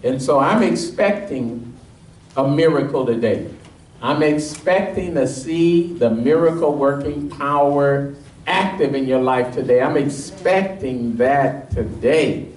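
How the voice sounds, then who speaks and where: Emphatic pastor preaching in an echoey church. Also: male voice, slow pace. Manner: call-and-response preaching, quizzing the congregation; energetic and emphatic, rising in pitch as he drives points home. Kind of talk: sermon. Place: church sanctuary. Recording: echoey room, mic at a distance.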